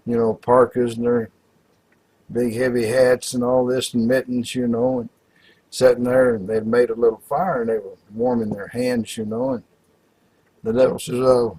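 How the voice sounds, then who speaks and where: A man's voice: mid-range voice, level tone, normal speed, darkish tone, slightly rough, rough recording. A man telling a long joke in a folksy, rambling way, with lots of filler words. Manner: folksy, rambling, full of "you know" and "uh". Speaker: joke teller.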